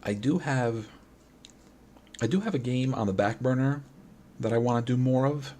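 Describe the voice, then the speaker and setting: A New York man with a matching accent streams games late at night, chatting casually and rambling with viewers in a mid-range, slightly mellow voice at a moderate pace. He's friendly, a little wired, and restarts sentences often, with slight background noise present.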